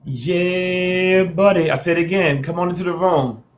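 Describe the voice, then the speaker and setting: A man's voice: sits high, steady tone, a little slow, slight background noise. A man hosting a live social stream, hyping viewers with repeated calls to follow and share and playful trash talk.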